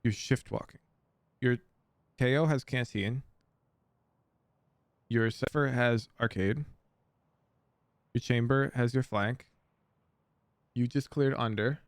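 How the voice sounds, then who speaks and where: A man's voice: medium pitch, takes it slowly, long pauses, clean tone, no echo, studio quality. A man coaching a player through a gameplay review, emphatic and blunt, repeating his key points. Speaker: game coach.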